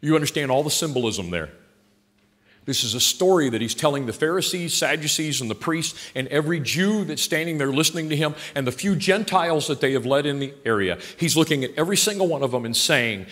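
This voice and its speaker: An older male pastor preaching a blunt, folksy sermon. He swings from quiet asides to loud, passionate outbursts. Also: a little high, expressive, fairly quick. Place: large church sanctuary. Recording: long hall reverb in a church.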